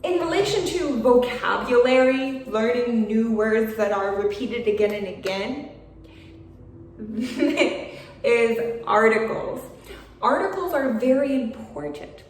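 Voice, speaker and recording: A woman's voice: fairly high pitch, takes it slowly, a little hiss or hum. A woman teaching an English video lesson, talking frankly and encouragingly with little laughs. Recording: echoey room, voice from a distance.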